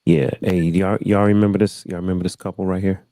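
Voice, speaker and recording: A man's voice: deep voice, level tone, fairly quick, dark tone, dry recording. A man hosting a casual panel chat, loose and repetitive, often calling out to the group. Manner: loose, repeats phrases, says y'all. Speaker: host.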